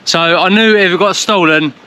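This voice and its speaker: Bright-voiced, excited man vlogging. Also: high-pitched, moderate pace. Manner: excited, stammering, incredulous. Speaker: travel vlogger. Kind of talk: casual travel vlog chat.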